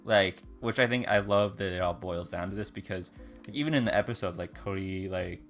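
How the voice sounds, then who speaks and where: Male podcast co-host, low but bright-toned, eager and stumbling; soft music behind. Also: brisk. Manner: eager, trips over his words. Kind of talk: casual chat.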